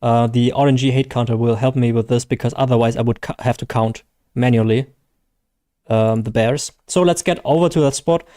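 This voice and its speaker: A man's voice: medium pitch, fairly even intonation, a little fast, warm tone, dry recording, studio quality. A man from Germany with a German accent, hosting a casual live gaming stream, hesitant and self-deprecating with many fillers and restarts.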